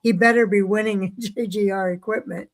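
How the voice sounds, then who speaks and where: Brisk and steady, a woman with a mid-range voice co-hosts a casual racing talk show while fighting hiccups. She fills her chatter with filler words and reads out comments from listeners.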